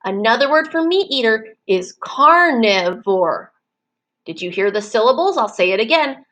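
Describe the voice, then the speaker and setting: A woman teaching preschool children in an online circle time, slow and encouraging, stretching words out so the children can clap the syllables. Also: a little high, expressive, low-quality recording.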